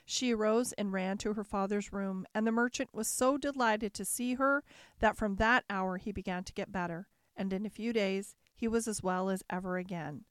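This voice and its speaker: A woman reads a classic fairy tale aloud in a calm, measured manner. Her voice sits in a middle range, and the recording is dry and close, with no room echo. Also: medium pitch, smooth. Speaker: narrator. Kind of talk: storybook narration.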